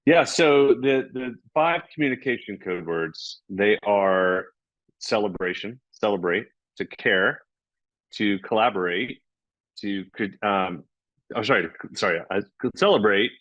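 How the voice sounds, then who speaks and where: A man speaking as a podcast guest, explaining ideas in a conversational way and acting out bits of dialogue with lively energy. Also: lowish voice, unhurried, no room sound, muffled recording. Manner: animated, acts out dialogue.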